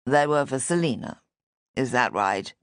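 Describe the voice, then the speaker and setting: A man's voice: medium pitch, animated, measured pace, a bit bright, no echo, studio quality, voice pushed down. A woman reading an audiobook voices a tall, agitated young man who talks in clipped, demanding phrases. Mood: tense. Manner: clipped, tightly controlled and demanding. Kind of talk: audiobook character voice.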